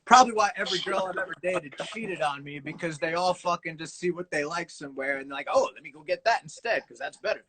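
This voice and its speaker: A man with a rather high voice chats in a loose, profane, slang-heavy way, trading banter as a co-host. His talk is relaxed and informal, full of street phrasing. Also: quick pace, hardly any pauses, breathy edge, poor audio. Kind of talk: casual chat.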